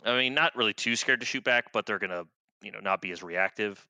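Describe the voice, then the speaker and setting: Guy in his 30s telling war stories, low-ish voice but bright and forceful, swears constantly, super loose. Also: brisk, clear, resonant tone, no room sound. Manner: laid-back, profane, rambling with many fillers. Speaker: guest, army veteran. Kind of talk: casual war storytelling.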